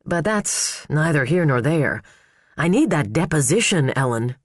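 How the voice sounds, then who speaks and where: A man's voice: on the high side, very animated, a little slow, no echo, studio quality. A man voicing a fussy male attorney who pouts and complains, in an audiobook. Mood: whiny. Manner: pouting, complaining.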